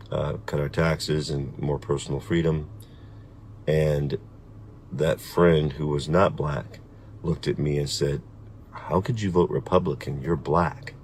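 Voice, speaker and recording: A middle-aged man speaking in a measured, deliberate, firm way in a personal video message. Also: rumbling low, a little mellow, slight background noise. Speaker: vlogger.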